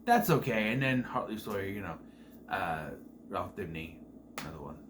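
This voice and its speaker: A man's voice: low voice, lively intonation, moderate pace, a bit bright, slight background noise. A man giving a casual spoken review of a TV season, rambling with frequent fillers and self-corrections and the odd wry, incredulous aside.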